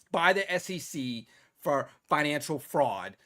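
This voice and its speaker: A man's voice: mid-range voice, animated, normal speed, fairly bright tone. A man hosting a casual tech news podcast, sarcastic and laughing often as he comments. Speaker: podcast host.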